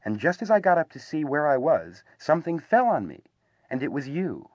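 A man voicing a tiny, timid young male piglet in a small, high, squeaky voice, anxious and plaintive. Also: very animated, moderate pace, no room sound. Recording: slightly dull, dry recording.

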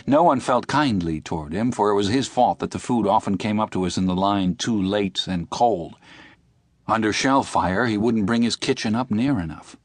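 A man narrating an audiobook in a measured, steady reading. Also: lowish voice, dry recording.

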